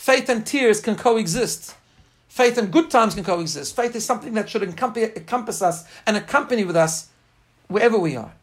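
A man's voice: sits high, animated, fairly quick. Earnest man teaching a faith class. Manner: earnest, emphatic, storytelling. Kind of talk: informal spoken class lecture with personal anecdotes.

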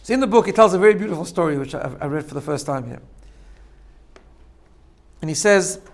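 A man's voice: a little high, lively intonation, a little fast. Storytelling man teaching a class. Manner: storytelling, checks in with "right?", laughs at own jokes. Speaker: religious teacher. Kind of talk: informal sermon.

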